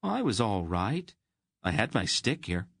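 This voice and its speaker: An earnest teenage boy, voiced by a man reading an audiobook, speaks with eager urgency. His voice sits a little higher than the narration and blurts things out. The read is dry and close. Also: big pitch swings, measured pace, creaky, a bit bright, dry recording, full character voice.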